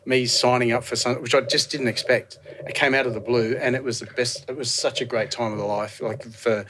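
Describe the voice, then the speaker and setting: Fast-talking man in his forties. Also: mid-range voice, steady tone, background noise. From Australia. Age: 40s. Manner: rambling anecdotes, acts out quoted voices, laughs often. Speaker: podcast guest, former rugby player. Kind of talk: casual storytelling chat.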